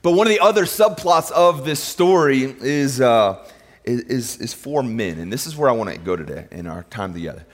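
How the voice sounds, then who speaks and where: A male pastor preaching a sermon in a relaxed, conversational way, often repeating words as he thinks aloud. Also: medium pitch, moderate pace. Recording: long reverb of a large hall.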